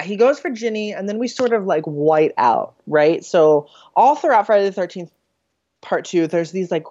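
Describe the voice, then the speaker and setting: A woman co-hosting a podcast, breaking down a film's plot in a lively, analytical way. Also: fairly low pitch. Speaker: podcast co-host. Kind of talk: casual film discussion. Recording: dull lo-fi audio.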